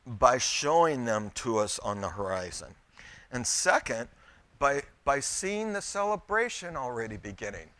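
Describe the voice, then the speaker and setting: A man's voice: mid-range voice, big pitch swings, measured pace, fairly bright tone, dry recording. A middle-aged man preaching a sermon, telling a folksy story and speaking directly to his congregation. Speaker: pastor.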